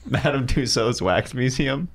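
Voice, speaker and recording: A man chiming in with quick, jokey comments on a comedy podcast. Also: medium pitch, wildly swooping pitch, creaky, slight background noise. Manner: quick, jokey, laughing interjections. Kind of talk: casual comedy podcast chat.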